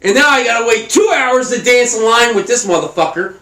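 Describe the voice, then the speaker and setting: A man's voice: extremely high pitch, animated, brisk, sharp tone. A man hosting a podcast, rambling and cursing through a laughing, drunken casual chat. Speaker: podcast host. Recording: echoey room with faint noise.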